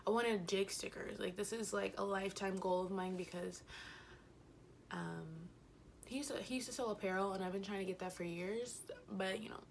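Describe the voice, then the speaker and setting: A woman's voice: medium pitch, steady tone, normal speed, vocal fry, a little hiss or hum. A young woman telling a rambling, giggly storytime about a concert, a little out of breath, full of fillers. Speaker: vlogger. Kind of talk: casual storytime chat.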